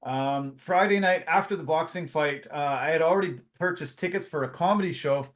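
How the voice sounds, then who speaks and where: A man co-hosting a sports podcast, telling stories in a casual, animated way with plenty of fillers and restarts. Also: fairly high pitch, a little fast. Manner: animated storyteller, acts out quotes.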